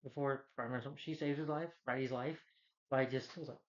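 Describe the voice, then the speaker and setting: On a dull, lo-fi recording, a man reviews a movie casually, rambling through its plot with many fillers. He speaks at normal speed in an ordinary-pitched, steady voice.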